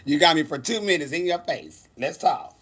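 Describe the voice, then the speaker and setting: A man's voice: on the high side, normal speed, breathy edge. Sassy guy w/ chatting on his vlog, laughs a lot, voice bouncing all over. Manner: sassy, animated, laughs often. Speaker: vlogger. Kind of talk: casual storytelling vlog.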